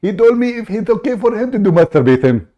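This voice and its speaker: A man's voice: high voice, sing-song, quick pace, warm tone, lo-fi sound, voice pushed up. A man voicing an eager, boastful male caller who speaks earnestly and starts his points with the same stock phrase. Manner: earnest, boastful, always opens with "first of all".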